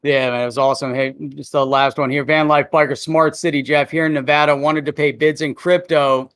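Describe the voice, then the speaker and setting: A man's voice: a little high, little pitch movement, brisk, fairly bright tone, clean tone, no echo, studio quality. A man hosting a live show in a loose, chatty way, often dropping "man" and "you know". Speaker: livestream show host. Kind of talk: casual chat.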